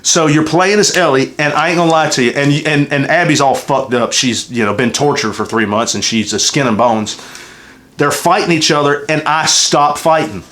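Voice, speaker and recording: A man's voice: on the high side, normal speed, fairly bright tone. A man with a Southern US accent hosting a casual game review chat, rambling, emotional and swearing constantly. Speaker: channel host reviewing a game. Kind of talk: casual unscripted review chat, heavy profanity.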